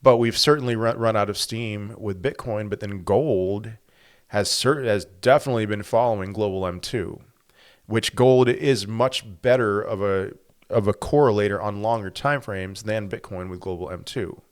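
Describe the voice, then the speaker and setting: A man hosting a crypto channel, giving animated, conversational market commentary full of rhetorical questions. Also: fairly low pitch, normal speed, clean tone.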